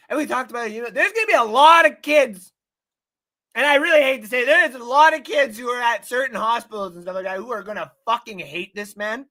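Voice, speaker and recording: A man hosting a casual live-stream sports talk show, swearing often, rambling excitedly and reading out viewer comments. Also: very high-pitched, a little fast. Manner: reads out and thanks chat viewers.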